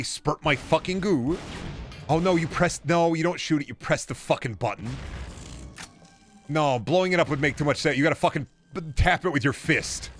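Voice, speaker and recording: A man streaming a game, rambling and profane, bursting into excited rants. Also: a little high. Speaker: gaming streamer. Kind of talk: live game-stream commentary.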